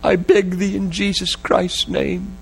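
A man's voice: sits high, measured pace, a little mellow, slightly rough, heavily acted, poor audio. A man voicing a grown preacher father who weeps and begs God in anguished, repeated prayers.

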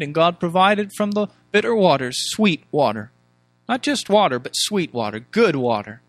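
Man preaching, high bright voice, dry recording, acts out grumbling voices. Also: no room sound. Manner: reads scripture aloud, mimics complaining voices; emphatic, repetitive rhetorical questions. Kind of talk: sermon.

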